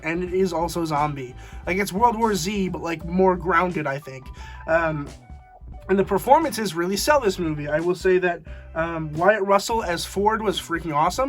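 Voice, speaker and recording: A man's voice: high-pitched, fairly bright tone. A young man giving a casual spoken movie review, rambling with many fillers and restarts.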